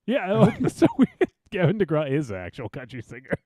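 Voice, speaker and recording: A man's voice: fairly high pitch, wildly swooping pitch, normal speed, a little mellow, no room sound, studio quality. A man co-hosting a horror film podcast in casual chat, laughing often and reading out listener comments. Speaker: podcast co-host.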